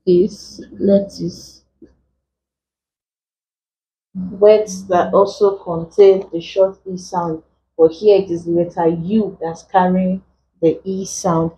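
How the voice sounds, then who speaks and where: A woman English tutor teaching vowel sounds for exam preparation, saying example words slowly and often repeating them. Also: on the low side, steady tone, dark tone, low-quality recording. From Nigeria. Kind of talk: exam prep lesson.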